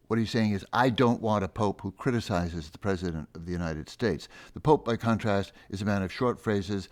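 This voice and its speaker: Emphatic male radio host. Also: lowish voice. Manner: probing, emphatic questions. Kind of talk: radio interview.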